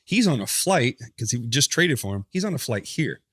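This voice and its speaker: A man in a casual interview tells a story with lots of energy and plenty of swearing, and he keeps correcting himself in the middle of sentences. His pitch sits mid-range, and the sound is close and dry, with no room around it. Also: moderate pace, no room sound. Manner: animated, profane, self-correcting storyteller. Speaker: podcast guest, former pitcher.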